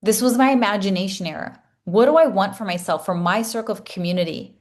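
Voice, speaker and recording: A woman's voice: medium pitch, fast talker, a little mellow. Earnest woman coach, emotional storytelling. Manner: emotional, earnest, with many restarts. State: tearful at times. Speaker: coach leading a masterclass. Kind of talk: personal storytelling to a class.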